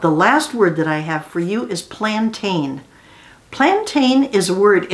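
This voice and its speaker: A woman's voice: mid-range voice, very animated, measured pace. Woman reading a storybook to kids. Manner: gentle, explains words and asks children questions. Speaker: children's storyteller. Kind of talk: reading a picture book aloud to children.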